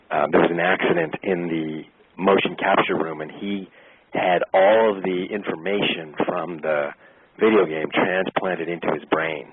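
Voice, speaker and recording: A man, an actor, telling an animated story in an interview and acting out the voices of the people he quotes. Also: sits low, breathy edge, phone-quality sound. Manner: lively, acts out quoted voices.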